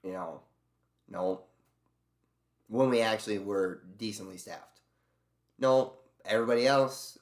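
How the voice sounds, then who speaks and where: A man's voice: lowish voice, normal speed, long pauses, roomy sound. A man streaming from home, venting about his job in a casual, profane rant. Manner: profane, venting, mimics bosses in quoted voices.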